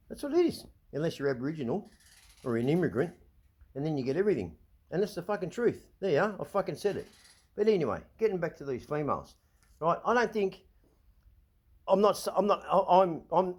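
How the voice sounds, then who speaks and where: A middle-aged Australian vlog host rants at the camera in a voice pitched a bit higher than most men's. He's agitated and swears freely, stumbling over his words and restarting as he vents in this ranting monologue.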